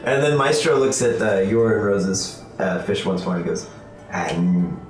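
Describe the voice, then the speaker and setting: A man narrating a tabletop game as game master, unhurried and full of fillers. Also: on the low side, animated. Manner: unhurried, filler-heavy narration with character voices. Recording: echoey room from far off with music.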